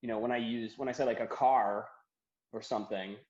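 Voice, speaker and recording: A man, a comedian and author, chatting as a podcast guest, rambling and animated as he tells stories and acts out quotes. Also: medium pitch, brisk. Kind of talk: casual podcast conversation. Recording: dull roomy remote audio.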